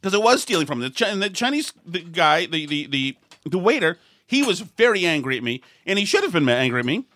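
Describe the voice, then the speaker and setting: A middle-aged man telling a rambling, self-mocking story in a casual chat, often restarting and acting out angry shouts. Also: sits high, very animated, quick pace, dry recording. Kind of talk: casual anecdote.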